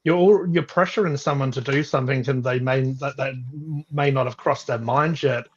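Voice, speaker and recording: Husky joking man on a muffled mic. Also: mid-range voice, steady tone, moderate pace. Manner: joking, laughing, bawdy banter. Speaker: podcast co-host. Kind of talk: casual chat.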